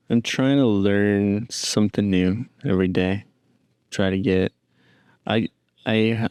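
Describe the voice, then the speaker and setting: This podcast host has a lowish, gravelly voice with a darkish tone, recorded dry. Chatting casually on his own, he rambles in a dry way and talks to his pet.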